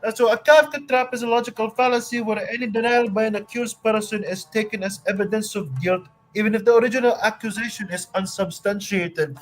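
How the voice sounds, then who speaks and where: A man's voice: high-pitched, a little fast, few pauses, faint music behind, pitched above the performer's own voice, lightly acted. A man putting on an accent to play a formal presenter explaining a term. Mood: mock-formal. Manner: formal, explainer-style delivery. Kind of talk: mock explainer video.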